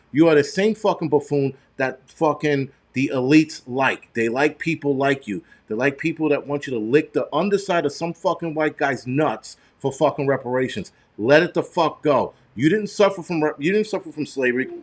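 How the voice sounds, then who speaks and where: A middle-aged man hosting a live stream, talking in a loose, rambling way and breaking into profane, heated rants with many restarts. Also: on the high side. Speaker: show host.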